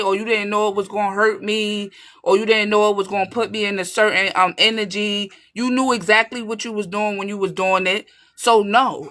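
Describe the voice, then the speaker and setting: Woman tarot reader, bright tone, emphatic and streetwise, casual direct-to-viewer reading. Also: medium pitch. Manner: emphatic and streetwise, keeps checking in with listeners.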